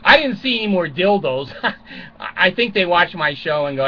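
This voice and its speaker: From a small closet at home, an older man vlogger rambles through a crude comic monologue that mocks himself, chuckling often. His voice is high-pitched and very animated, his pace moderate, and the recording sounds muffled.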